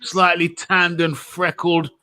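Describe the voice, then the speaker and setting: Bright-sounding guy hosting, joking around, says his punchlines twice. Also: high-pitched, flat delivery, slow pace. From England. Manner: laughing, repeats lines for effect. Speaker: host. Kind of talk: casual banter.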